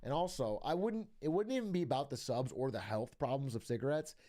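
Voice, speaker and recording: Young male streamer, expressive pitch, loose profane chatter. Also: fairly quick. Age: young adult. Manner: rambling, profane, laughs often. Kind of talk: casual stream chat.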